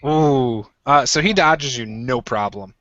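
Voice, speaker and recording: A man running a tabletop game as game master, narrating in a relaxed, chatty way with frequent fillers. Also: mid-range voice, takes it slowly, muffled recording, a little hiss or hum.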